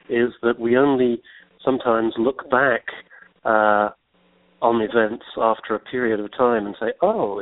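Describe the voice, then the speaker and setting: A man's voice: medium pitch, no room sound. English man on a tinny phone line. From England. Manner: reflective, unhurried storytelling. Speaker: guest author. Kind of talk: radio interview by phone.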